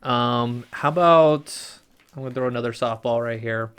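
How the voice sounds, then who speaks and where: A man hosting a casual podcast chat, animated and quick to laugh, with frequent fillers. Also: medium pitch, clear, resonant tone. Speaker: podcast host.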